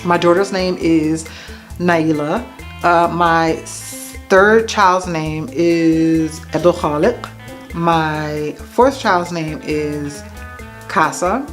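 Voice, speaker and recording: Low-voiced chatty woman vlogger. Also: very slow, faint music behind. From United States. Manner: chatty, self-mocking, asides to viewers. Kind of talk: casual to-camera Q&A tag video.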